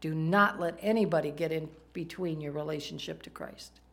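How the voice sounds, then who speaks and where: Low-voiced and a bit bright, she preaches at a moderate pace. It's a conversational sermon full of questions for the congregation, given over a microphone in a church where PowerPoint slides are shown.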